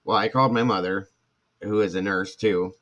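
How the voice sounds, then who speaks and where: A man's voice: deep voice, steady tone, moderate pace, a bit bright, muffled recording. A middle-aged man, a former firefighter and paramedic, talking candidly to viewers in a rambling way, full of restarts and asides. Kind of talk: casual talk to viewers.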